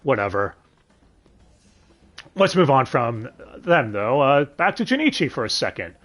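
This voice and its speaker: A man's voice: medium pitch, big pitch swings, a little slow, fairly bright tone. A man reviewing a dub in casual commentary, sarcastic and swearing, with sighs and questions to his listeners. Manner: sarcastic, swears often, sighs and asks the audience.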